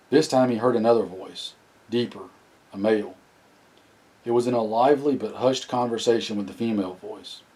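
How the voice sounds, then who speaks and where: A man reading a novel aloud as narrator, often clearing his throat. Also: fairly low pitch, mellow, low-quality recording. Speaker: audiobook narrator.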